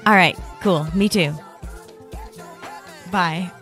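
A woman co-hosting a podcast in casual chat, halting and confused, often breaking into giggles. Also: lowish voice, a bit bright, faint music behind. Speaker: podcast co-host.

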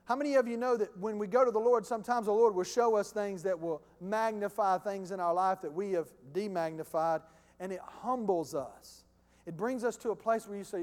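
A man's voice: sits high, brisk, darkish tone. A man preaching a sermon as pastor, impassioned and calling out to his congregation. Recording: long hall reverb.

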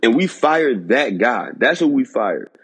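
A man hosting a sports podcast, ranting in disbelief with emphatic repetition and a husky voice. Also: medium pitch, very animated, unhurried, big-room sound. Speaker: podcast host.

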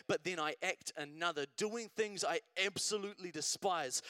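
Man preaching, slightly high voice, dry close sound, chatty, repeats phrases for emphasis. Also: a bit bright, no room sound. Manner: conversational, asks "right?" often, builds to emphatic repetition. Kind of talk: sermon. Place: church service.

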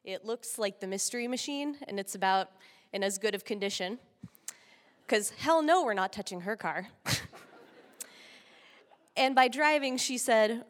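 A woman from Texas telling a comic story live, animated and laughing often. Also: fairly high pitch, a little slow, long pauses. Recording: long hall reverb.

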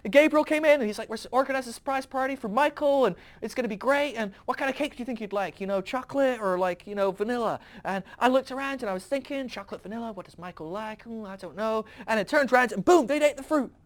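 A man putting on the voice of a panicked young heavenly son, shrill and frantic, in a comic podcast retelling. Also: fast talker, hardly any pauses. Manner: shrill, high-pitched and frantic. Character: panicked young male divine son, flustered and excuse-making.

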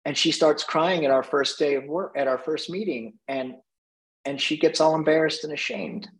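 A man coaching and telling stories in a relaxed panel conversation, thoughtful, with frequent light laughs. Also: on the high side, normal speed, low-quality recording. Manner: reflective, laughs often, restarts phrases. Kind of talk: conversational storytelling in a panel talk.

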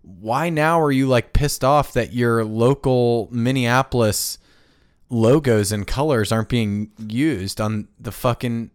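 A male podcast host chats in an animated, joking way, swearing freely as he riffs. His voice sits at an ordinary pitch and sounds dry and close on a studio mic. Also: takes it slowly, clean tone, no room sound. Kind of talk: casual podcast chat. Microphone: studio microphone.

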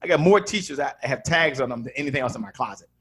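A man coaching on sales as a podcast guest, emphatic and animated, acting out little dialogues. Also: medium pitch, fast, breathy edge.

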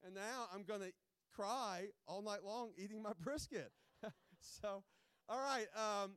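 A pastor giving informal, joking remarks before a sermon, rambling with many restarts. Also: male voice, high-pitched, normal speed, fairly bright tone, smooth, no echo.

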